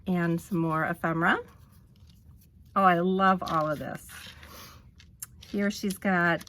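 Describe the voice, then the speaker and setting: A woman vlogger narrating an unboxing, gushing with delight and often pausing with ums. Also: on the low side, slight background noise. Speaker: crafting vlogger.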